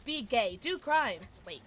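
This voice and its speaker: A tipsy woman livestreaming a game, chatting casually with her viewers, giggling and breaking into loud squeals and shouts. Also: high voice. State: tipsy from drinking. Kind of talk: casual livestream chat while gaming.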